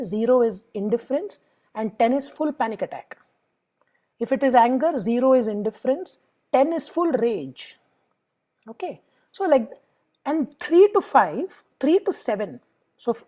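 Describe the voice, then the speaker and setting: Speaking to parents in a lecture, this middle-aged woman, a psychologist with an Indian English accent, walks through emotions one step at a time and voices the lines of clients and children as examples. Her warm, higher voice comes through poor audio.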